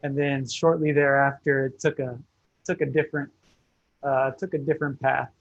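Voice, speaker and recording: A man guest on a podcast, answering in a measured, thoughtful way with fillers, heard over remote call audio. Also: mid-range voice, little pitch movement, gravelly, dull audio, slight background noise. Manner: measured, thoughtful, uses fillers like you know. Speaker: podcast guest, brand founder. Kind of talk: reflective interview answers.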